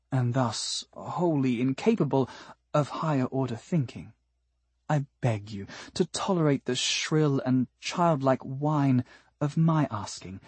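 For an audiobook, a man voices a chipper alien translator device that chirps helpfully while tossing in mocking, insulting asides. His medium-pitched voice is a little mellow and slightly rough, and the recording is dry.

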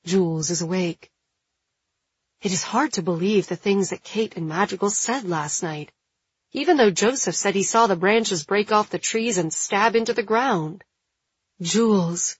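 A woman reading an audiobook in a measured, even narration. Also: medium pitch, breathy edge, no room sound. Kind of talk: scripted narration. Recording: dull, dry studio sound.

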